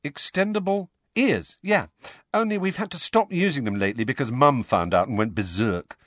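A man's voice: medium pitch, expressive, normal speed, a bit bright, no echo, clean studio sound, pitched above the performer's own voice. A man voicing an easygoing, awkward teenage boy with a blunt, rambling way of talking. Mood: sheepish.

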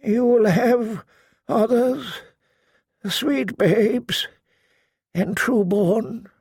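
Man putting on a husky dying old lord. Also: very high-pitched, very slow, darkish tone, dry recording, studio quality, pitched above the performer's own voice, full character voice. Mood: pained pleading. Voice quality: husky, thick with pain. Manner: strained, pleading.

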